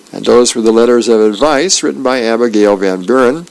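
A man's voice: mid-range voice, a little fast, vocal fry, few pauses, clear, resonant tone, poor audio. A man, a volunteer reader, reading the newspaper aloud on the radio with small stumbles.

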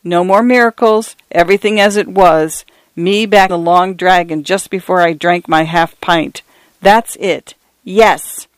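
A man's voice: high-pitched, fairly even intonation, measured pace, clean tone, no room sound. A man voicing an ordinary little man who is bewildered and panicky, with plain common speech and frantic pleading. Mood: commanding.

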